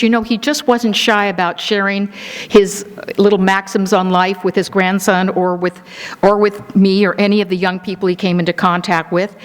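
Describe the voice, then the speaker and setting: A woman in her sixties giving a public talk and telling personal stories in a warm, sentimental, gently humorous way. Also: mid-range voice. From United States. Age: 60s. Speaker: speaker presenting a book. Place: event hall. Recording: live talk in a reverberant hall.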